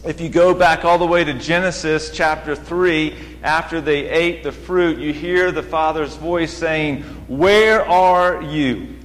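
A man preaching a sermon as a guest speaker, measured and deliberate, slowing down to dwell on scripture quotes and rising in pitch as he builds emphasis. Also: little pitch movement, a bit bright. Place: church sanctuary. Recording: long church reverb.

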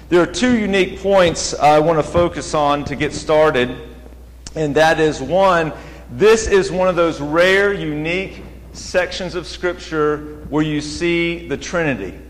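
A man preaching a sermon as a guest speaker, measured and deliberate, slowing down to dwell on scripture quotes and rising in pitch as he builds emphasis. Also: a little hiss or hum. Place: church sanctuary. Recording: long church reverb.

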